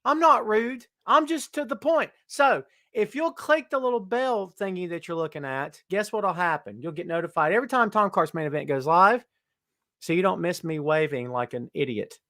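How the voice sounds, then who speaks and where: A man's voice: sits high, moderate pace, sharp tone, dry recording, studio quality. A man hosting a live wrestling talk stream, chatting casually and teasing while he greets viewers by name.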